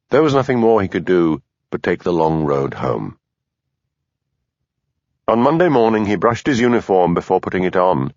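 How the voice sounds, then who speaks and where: A man narrating an audiobook in a measured, even storytelling manner. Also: deep voice, dry recording, highs cut off. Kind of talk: scripted narration.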